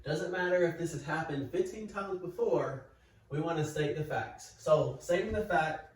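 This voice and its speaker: A man explaining parenting steps in a calm, patient, step-by-step way, like a teacher at a whiteboard. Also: a little high, normal speed. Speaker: parenting educator. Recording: echoey room, mic far off.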